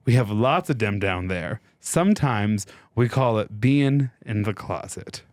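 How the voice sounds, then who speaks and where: A man voicing a flamboyant, sassy gay young man with an exaggerated Southern US accent and a slow, teasing drawl. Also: on the low side, expressive, a little mellow, no echo. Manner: slow, drawn-out, teasing delivery.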